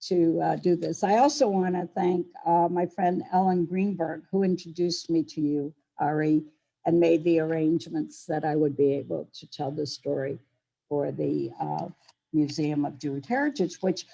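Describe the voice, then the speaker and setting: An older woman, a Holocaust educator, giving measured, earnest testimony over a laptop microphone from a friend's apartment. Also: low-pitched, gravelly, mellow, poor audio. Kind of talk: prepared testimony talk.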